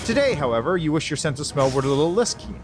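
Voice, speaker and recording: A man's voice: on the high side, very animated, fast talker. A male streamer reading a video game's narration aloud, with wry asides. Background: game music.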